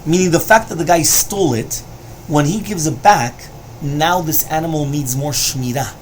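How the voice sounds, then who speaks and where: A man leads a Talmud study lesson, chanting each Aramaic passage with rising emphasis and then explaining it in plain English. His voice sits a bit high for a man, and he keeps checking in with his listeners. A faint noise runs under the recording. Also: moderate pace. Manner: explains each line, repeats with "right?" and "you understand?". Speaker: Talmud teacher.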